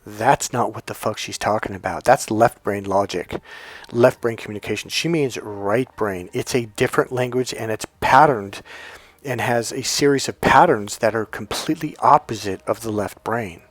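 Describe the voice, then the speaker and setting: A man's voice: lowish voice, moderate pace, no room sound. A man who works as a dating coach, talking bluntly and swearing freely as he tells stories about his clients. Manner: blunt, profane storytelling with acted quotes. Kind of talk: casual coaching monologue.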